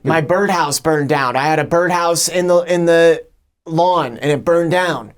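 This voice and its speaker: A man playing a deadpan self-pitying celebrity candidate. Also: fairly high pitch, measured pace, natural voice. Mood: mock grief. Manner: deadpan, rambling, with stammered restarts. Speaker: comedian playing a mayoral candidate. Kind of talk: improvised comedy sketch interview.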